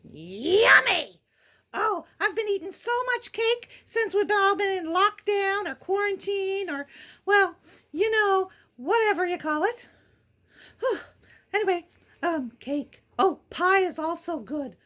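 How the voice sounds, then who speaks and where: A woman's voice: very high voice, measured pace, a bit bright. A woman hosting a casual storybook read-aloud, breaking off into chatty, silly asides and giggles. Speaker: storyteller host.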